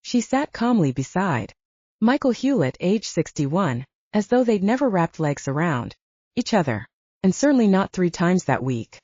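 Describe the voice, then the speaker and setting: A woman narrating a scripted audiobook with expressive storytelling, in a slightly muffled lo-fi recording. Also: lowish voice, no room sound.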